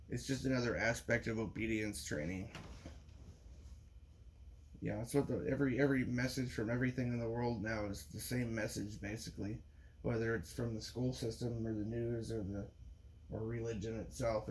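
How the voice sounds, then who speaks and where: A man's voice: medium pitch, a little mellow, a little hiss or hum. A man in a rambling monologue, talking with frequent restarts and profanity. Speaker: vlogger.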